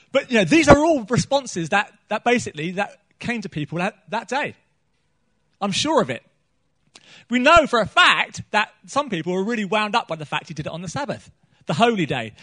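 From a small church stage, a male preacher with a noticeably high, fairly bright voice gives a conversational, funny sermon. He stops now and then to poll the congregation with questions.

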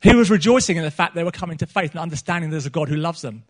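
Very fast and with lively intonation, a middle-aged man with a rather high voice preaches to a church meeting. He is earnest, restarting phrases and repeating himself often.

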